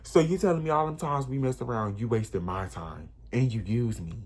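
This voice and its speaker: A man's voice: mid-range voice, moderate pace, a little mellow. Young man telling an emotional story. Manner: emotional, rambling retelling. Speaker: vlogger. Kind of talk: storytime vlog.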